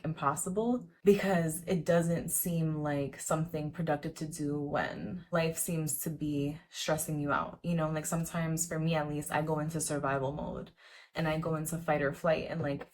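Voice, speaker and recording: Chatty young woman vlogger, lower voice. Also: darkish tone. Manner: chatty, repetitive, lots of "like" fillers; earnest, encouraging. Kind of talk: casual motivational talk to camera.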